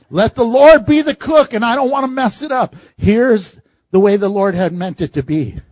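Animated high-voiced preaching man. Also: a little slow, no room sound, dull audio. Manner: animated, acts out quotes with laughs. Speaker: pastor. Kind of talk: verse-by-verse sermon.

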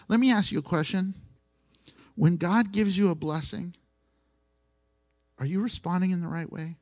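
A man's voice: high voice, moderate pace, long pauses. A man preaching a sermon in a conversational way. He asks the listeners questions and repeats his key phrases.

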